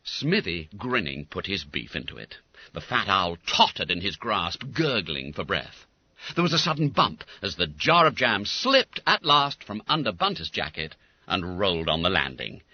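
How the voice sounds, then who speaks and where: A man narrating an audiobook in a comic, animated storytelling manner, on a dull lo-fi recording. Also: low voice, moderate pace, no room sound. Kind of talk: scripted narration.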